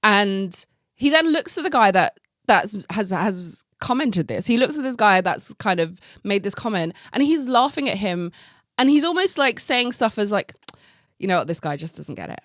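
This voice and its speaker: A woman hosting a podcast, telling a story in a casual, animated way, full of "like" and acted-out reactions, with some casual swearing. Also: medium pitch, moderate pace, no room sound, clean studio sound. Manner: animated, heavy use of "like", acts out her own reactions. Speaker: podcast host.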